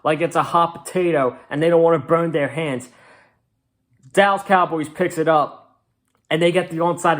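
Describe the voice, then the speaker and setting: A man hosting a casual sports reaction recap, excitable and rambling, with lots of fillers. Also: medium pitch. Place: home, on a couch.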